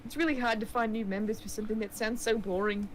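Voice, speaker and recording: A woman's voice: on the high side, fairly even intonation, fast talker, slight background noise, lightly acted. A woman voicing a sweet, popular teenage schoolgirl who runs a club, speaking with a put-on New Zealand accent while reading a visual novel aloud. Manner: bubbly and coaxing.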